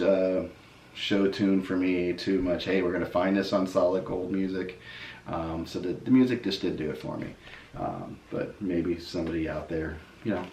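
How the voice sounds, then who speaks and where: A middle-aged man hosting a casual record review chat, relaxed and rambling with plenty of ums and uhs. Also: deep voice, distant mic. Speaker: host of a record review channel. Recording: roomy echo, voice a bit off the mic, faint background hiss.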